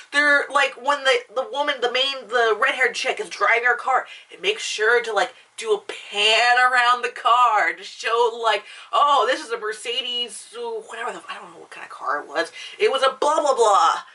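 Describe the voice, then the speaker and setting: A woman's voice: on the high side, bright, forceful tone, distant mic. A young woman vlogger ranting casually about a film, swearing often, full of fillers and restarts. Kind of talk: casual rant.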